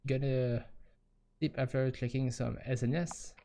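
A man with a Quebec French accent speaks English slowly while streaming a horror game. He reads the game's text aloud and muses over it in a mid-pitched, unhurried voice, with faint noise underneath. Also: fairly even intonation, gravelly, mellow. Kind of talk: live game commentary.

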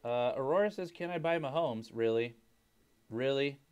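A young man hosting a casual live-stream card break, hyping each card with loud call-outs of player names. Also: medium pitch, lively intonation, normal speed, smooth, muffled recording.

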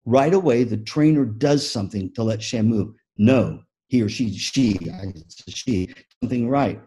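A man giving a motivational keynote talk on music teaching, an animated storyteller who acts out the story. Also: medium pitch, normal speed, breathy edge. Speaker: music education speaker.

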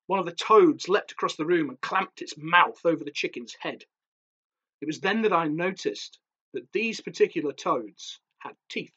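Brief: male author narrating his horror story, breathy voice, lo-fi home recording. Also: sits high, fairly bright tone. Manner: measured, darkly theatrical storytelling. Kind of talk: dramatic horror story reading.

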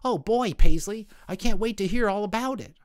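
A man voicing a sweet, excited little boy rabbit in a storybook. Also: high voice, moderate pace, no room sound, clean studio sound, pitched above the performer's own voice, natural voice. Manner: excited, wide-eyed.

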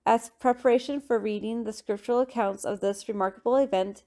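A woman giving a steady, measured scripted reading for a scripture study lesson. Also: fairly high pitch.

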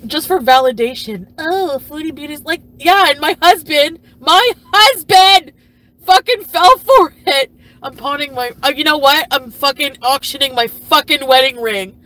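A woman voicing a jilted, furious female streamer who is crude and self-pitying, for a puppet comedy. She swears constantly and swings between yelling and mumbling. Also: high-pitched, animated, measured pace, full character voice. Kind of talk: comedic impression of a livestream rant.

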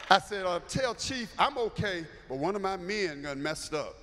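A man preaching as bishop, telling a story in an animated way and acting out the voices. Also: high voice, moderate pace, slight background noise. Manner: animated, acts out voices, builds to shouting. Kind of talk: storytelling sermon. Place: large church sanctuary. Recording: echoey church hall, faint ambience.

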